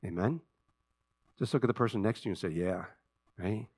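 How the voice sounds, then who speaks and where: A man preaching a sermon in a church. He speaks earnestly, builds to impassioned emphasis, then drops to a quiet, prayerful voice. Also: lowish voice, fairly quick, slightly rough. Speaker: pastor. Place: church sanctuary.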